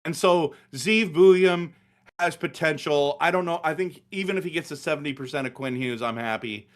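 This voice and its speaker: A man's voice: a little high, normal speed. A middle-aged man, ranting passionately about hockey in a casual sports chat. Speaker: hockey show host.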